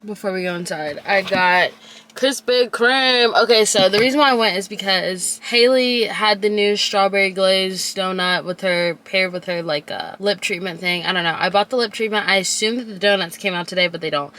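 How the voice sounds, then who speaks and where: A woman's voice: mid-range voice, fairly quick, few pauses, a bit bright. A young woman in her twenties chatting casually to her vlog camera, filling her talk with "like.". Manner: chatty, lots of filler "like". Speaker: vlogger.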